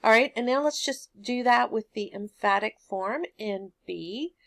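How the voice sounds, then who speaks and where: A woman teacher giving a recorded grammar lesson, explaining answers in a patient, steady way. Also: on the high side, measured pace.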